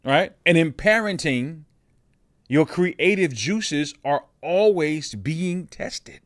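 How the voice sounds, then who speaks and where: A man's voice: a little high, animated, slow pace, dry recording, studio quality. A man with a heavy voice, hosting a reflective personal monologue and talking through his thoughts conversationally, often checking in with "right?" and restarting his words. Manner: frequent restarts and repeated words. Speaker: podcast host.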